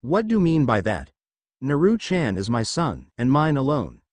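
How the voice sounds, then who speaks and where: A man's voice: medium pitch, wildly swooping pitch, normal speed, darkish tone, dry recording. A man reading the lines of a possessive mother who demands answers about her son, in his own voice. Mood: demanding. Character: possessive, furious young mother.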